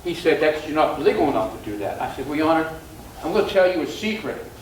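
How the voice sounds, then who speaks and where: An older man, a police sergeant, talks to a club audience. He retells old exchanges with judges and attorneys, acting out each of their voices. His voice sits a little high, and the room gives it a clear echo. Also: animated, fast talker, slight background noise. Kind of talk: anecdotal storytelling talk. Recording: echoey room.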